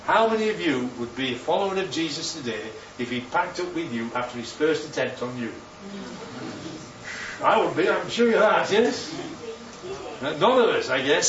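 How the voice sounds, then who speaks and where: A man preaching a sermon, animated and full of rhetorical questions, his voice leaping up for emphasis. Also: on the high side, normal speed, crowd noise. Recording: roomy, distant, dull sound with faint ambience.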